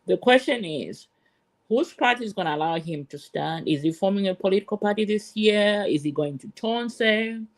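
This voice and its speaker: A woman's voice: medium pitch, animated, moderate pace. A woman from Zambia hosting a panel podcast, moderating and moving the discussion between topics. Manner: moderating, moves the talk along. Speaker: podcast host.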